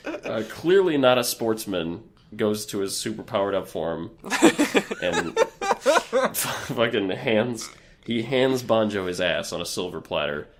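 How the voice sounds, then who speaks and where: A man's voice: on the low side, sing-song, takes it slowly, slight background noise. A man co-hosting a podcast, loosely retelling episodes in a casual, profane way. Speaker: podcast co-host. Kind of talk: casual recap chat.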